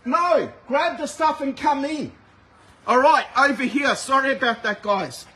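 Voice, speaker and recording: A man's voice: very high-pitched, pushed and bright. A man hosting a live shopping stream outdoors at a warehouse sale, rattling off prices and talking to viewers. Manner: rapid price-calling, chatty with viewers. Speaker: livestream sale host. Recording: noisy outdoor phone recording with wind.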